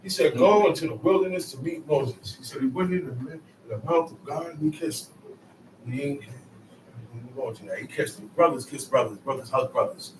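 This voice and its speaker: A man's voice: mid-range voice, normal speed, noisy background. A man teaching a bible study class, explaining scripture in colloquial everyday speech and checking in with "okay?". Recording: echoey room, mic far off.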